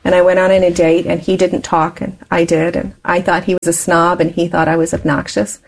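A woman's voice: lowish voice, little pitch movement, brisk, creaky. A woman in her forties, an interview guest telling her life story candidly and laughing often as she talks.

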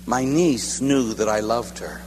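Animated priest preaching in an echoey hall. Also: male voice, medium pitch, measured pace. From Pittsburgh, US. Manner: animated, acts out scenes with laughter and shouts. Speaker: Catholic priest. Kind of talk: storytelling sermon. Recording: echoey hall with faint hum.

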